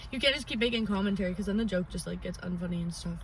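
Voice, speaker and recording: A woman's voice: medium pitch, racing, recorded from a distance, low-quality recording. A young woman co-hosting a podcast, chatting casually and rambling with lots of "like". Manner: rambling, heavy use of "like". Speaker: podcast co-host. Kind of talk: casual chat. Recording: faint noise, a bit off-mic.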